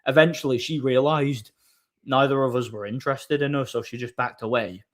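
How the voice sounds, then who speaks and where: A man hosts a live stream in loose, casual chat. He tells his stories in a rambling way, full of restarts, with blunt and crude banter. His voice sits at an ordinary middle pitch. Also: fairly even intonation, fairly quick. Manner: rambling storyteller, frequent restarts.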